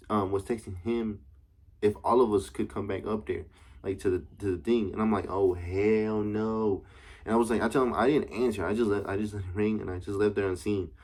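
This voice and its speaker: With a fairly low, warm voice, a young male vlogger tells a rambling story time to camera. He swears frequently, leans on slang, and keeps asking his listeners "you know what I'm saying."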